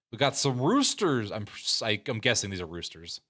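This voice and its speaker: A man's voice: on the low side, moderate pace. A man streaming a video game, reading its text aloud and breaking off into jokes and asides. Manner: joking, animated asides.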